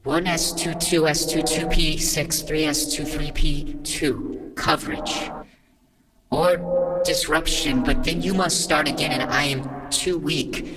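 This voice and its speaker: Man doing a frail lilting weirdo, slow, slightly raised voice, loud noise underneath. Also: fairly high pitch, steady tone, pitched above the performer's own voice. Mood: cryptic, feeble. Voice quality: lilting, effete, weak. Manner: slow cryptic murmuring. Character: feeble wounded strange man, effete, lilting.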